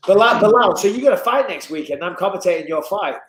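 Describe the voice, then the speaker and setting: An English man telling stories in a casual podcast chat as a fight commentator, animated and swinging his voice up and down. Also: quick pace, reverberant. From England. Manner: animated storyteller, lively swings in pitch and loudness.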